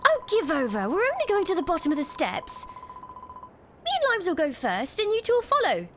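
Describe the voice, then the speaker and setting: Bossy village woman, high and scolding, swings all over the place, done by a woman. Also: wildly swooping pitch, a little fast, a little hiss or hum, exaggerated voice.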